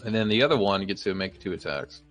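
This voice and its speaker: A man's voice: low-pitched, expressive, fast, a bit bright. Guy dm narrating the game, laid back n chuckly, bit of music faint behind. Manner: loose and chuckling, swears casually. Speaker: dungeon master.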